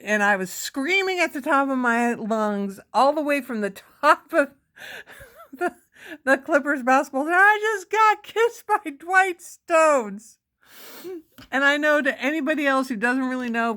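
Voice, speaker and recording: Middle-aged woman, casual storyteller, eager and breathless, quotes herself with lively exclamations. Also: medium pitch. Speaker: vlogger sharing a personal memory.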